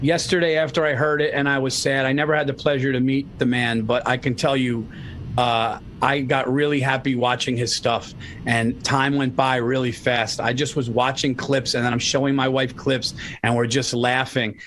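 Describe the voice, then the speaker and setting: A man's voice: mid-range voice, flat delivery, normal speed, fairly bright tone, a little hiss or hum. A man on a video call telling stories in a profane, enthusiastic casual chat. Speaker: podcast co-host.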